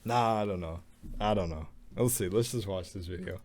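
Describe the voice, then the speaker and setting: A man's voice: low voice, normal speed, a little mellow. A man hosting a reaction video, chatting casually to camera, rambling and restarting his sentences as he goes.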